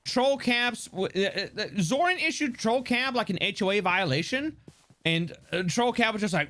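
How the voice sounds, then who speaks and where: A male streamer chatting with viewers as he plays, rambling and playful, with the odd curse and plenty of laughs. His voice sits a little high and swings widely in pitch. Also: expressive, normal speed, bright, forceful tone. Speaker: live streamer. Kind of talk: casual live-stream chat while gaming.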